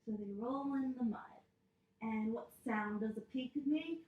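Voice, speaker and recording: A woman leading a children's yoga storytime, speaking gently and encouragingly and making animal sounds. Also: on the high side, slow pace, pauses often, distant mic, muffled recording. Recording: echoey room.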